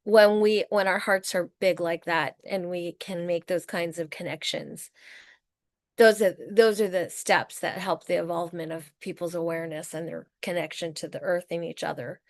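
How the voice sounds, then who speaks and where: A woman's voice: lowish voice, fairly even intonation, moderate pace, no echo, clean studio sound. A woman on a group video call, earnestly explaining her ideas and stumbling over words now and then. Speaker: circle participant.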